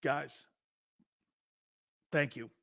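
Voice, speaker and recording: A man's voice: medium pitch, fairly even intonation, drawn-out words, vocal fry, sharp tone, dry recording, studio quality. A middle-aged man hosting a sports talk show, blunt and profane, joking with his chat. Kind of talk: loud, brash sports talk.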